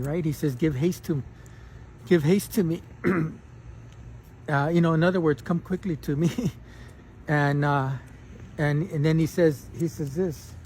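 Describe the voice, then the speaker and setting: A man with a high voice preaching a casual sermon in an easy, conversational way. He restarts his phrases, clears his throat often and keeps tossing in a quick "right?" A faint hum of noise sits behind him. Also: darkish tone. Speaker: pastor.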